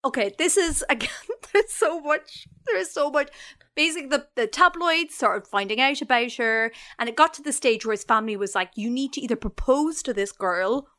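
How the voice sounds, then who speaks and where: A woman's voice: high-pitched, moderate pace. A woman, casually retelling a story on a chat podcast and acting out the quotes. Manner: animated, acts out quoted voices. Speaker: podcast co-host telling the story.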